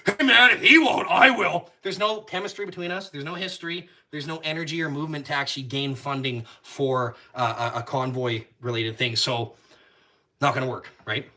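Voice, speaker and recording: A man hosting a live stream, talking bluntly and with heavy swearing, jumping from loud outbursts to low muttered asides. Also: fairly even intonation, fairly quick. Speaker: YouTube channel host. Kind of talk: profane live-stream rant.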